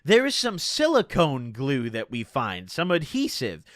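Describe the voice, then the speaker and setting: A man's voice: mid-range voice, wildly swooping pitch, measured pace, dry recording, clean studio sound. A man in his twenties casually telling a rambling, profane story from his own life. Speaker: streamer.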